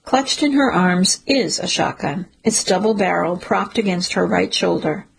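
A woman narrating a first-person suspense story in a steady, measured storytelling manner. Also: lowish voice, gravelly, breathy edge, rough recording. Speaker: audiobook narrator.

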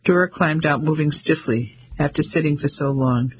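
Man narrating an audiobook, higher voice. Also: moderate pace, hardly any pauses, breathy edge, rough recording. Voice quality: steady, descriptive.

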